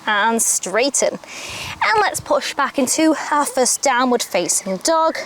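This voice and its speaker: A young adult woman teaching a yoga class outdoors, giving calm step-by-step cues. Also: high voice, slow, slight background noise. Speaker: yoga instructor. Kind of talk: guided yoga class instruction. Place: outdoors, birds audible. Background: faint outdoor ambience with birdsong.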